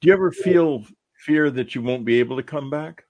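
A man's voice: medium pitch, a little fast, muffled recording. A man hosting a casual interview who asks questions and shares his own experiences in a thoughtful way. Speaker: host.

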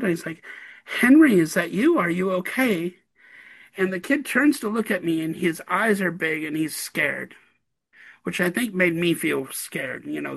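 A man, a parent of a toddler, telling a story in casual conversation, animated and laughing often between lines. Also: high-pitched, creaky, rough recording. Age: adult parent of a toddler.

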